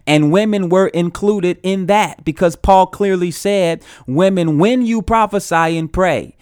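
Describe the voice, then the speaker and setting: A man's voice: a little high, clean tone, dry recording, studio quality. A man giving an earnest recorded Bible teaching, often repeating and restarting his phrases as he explains.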